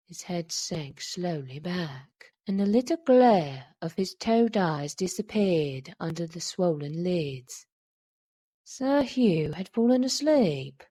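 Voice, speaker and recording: A woman reads a classic horror story aloud in a measured, dramatic way. Her pace is unhurried and her voice is dark and mellow, with a husky, breathy edge. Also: medium pitch. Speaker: audiobook reader. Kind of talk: scripted horror story reading.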